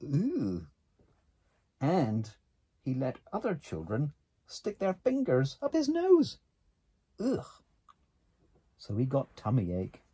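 A man reading a children's picture book aloud, animated, gasping and exclaiming at the pictures. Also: mid-range voice, slow, pauses often, slightly rough. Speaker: reader.

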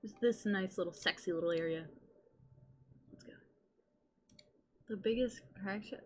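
A young adult woman streaming a game in casual chatter, excitable, rambling and swearing often. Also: mid-range voice, unhurried, faint music behind.

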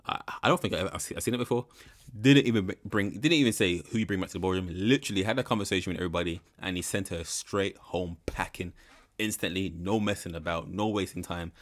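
A man's voice: deep voice, fast. A young man giving rambling, frank commentary in a casual reaction video. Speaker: reaction channel host.

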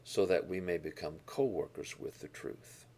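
A man teaching a Bible lesson, explaining verses and Greek words with deliberate emphasis on key words. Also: low voice, a little mellow.

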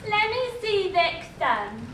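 A woman's voice: very high-pitched, sing-song, slow pace, a bit bright, full character voice. An actress playing a bossy little girl who mocks and taunts another child in a sing-song way. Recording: echoey stage from far off with hiss.

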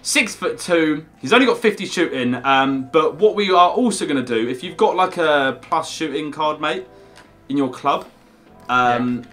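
A man's voice: a little high, animated, normal speed, fairly bright tone, soft background music. A young man hosting a gaming video, chatty and upbeat, often calling his co-host "mate". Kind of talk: casual gaming video commentary.

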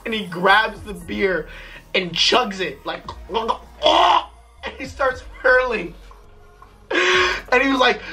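A young man hosts his vlog in loose, crude banter, laughing his way through stories. His voice sits high and bright, swinging widely in pitch as he gets worked up. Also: expressive, a little slow, soft background music. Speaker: vlog host. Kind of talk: casual chat.

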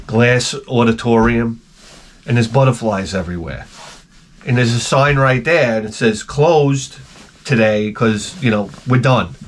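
A man hosting a video, telling a rambling, profane comic rant with lots of restarts and asides, swinging between loud bursts and muttered remarks. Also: mid-range voice. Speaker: video host.

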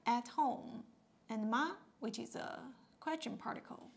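A woman teaching a language lesson in a slow, unhurried way, with a slightly high voice that has a gravelly fry to it. She patiently repeats each word and tone, dropping in "yeah" and "okay" as she goes. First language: Mandarin Chinese. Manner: patient, repeats words and tones many times, fills with "yeah" and "okay".

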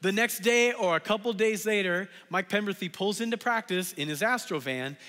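A young man preaches in a church, and his tone is high and lively. He tells a story casually and uses many fillers. His voice carries long reverb from a large hall. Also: moderate pace. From Southern California. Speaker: pastor. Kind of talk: storytelling sermon. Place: church sanctuary.

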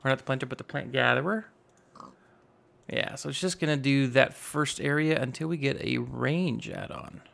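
A man in his twenties with a slightly raspy voice, casually narrating a building game and rambling as he goes. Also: medium pitch, moderate pace, fairly bright tone. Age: 20s. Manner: rambling, self-teasing, narrates each step aloud. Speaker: gaming YouTuber. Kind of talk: casual Minecraft let's play commentary.

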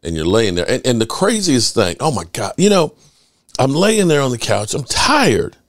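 A middle-aged man hosting his sports channel, chatting casually and rambling through stories with lively swearing. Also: mid-range voice, moderate pace, no echo, studio quality. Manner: animated storyteller, swears freely. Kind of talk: casual rambling fan chat.

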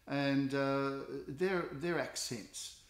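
A middle-aged Australian guitar teacher, medium-pitched and very slow, patiently explains a lesson with many fillers and restarts. The room gives a roomy echo, and a guitar is nearby.

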